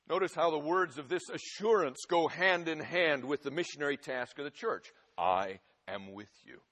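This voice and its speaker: A man preaching a sermon, swinging from loud, forceful emphasis to hushed, quiet passages. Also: a little high, animated, moderate pace, hardly any pauses. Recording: long hall reverb.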